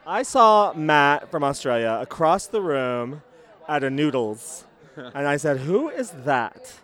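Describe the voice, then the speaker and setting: A man with a slightly high, worn-out voice hosts a loose podcast chat at a busy venue after a show. He is excitable and theatrical, and laughs between remarks. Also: slow. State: voice worn out after a night of singing. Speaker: podcast host. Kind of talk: casual chat at a concert.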